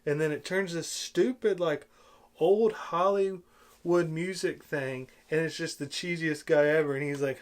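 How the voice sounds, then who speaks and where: A man giving an exasperated, sarcastic film review rant, swinging between loud outbursts and low muttering. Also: a little slow. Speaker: movie reviewer.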